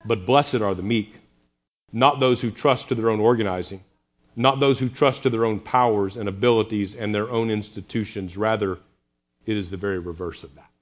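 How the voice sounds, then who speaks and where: A man's voice: on the low side, moderate pace, dull audio. A man preaching a sermon, earnest, with wry sarcastic asides to his congregation. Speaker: pastor.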